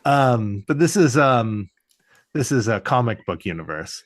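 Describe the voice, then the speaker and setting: A man co-hosting a casual cartoon review podcast, animated and quick to act out lines in a mocking voice. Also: medium pitch, no room sound. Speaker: podcast co-host.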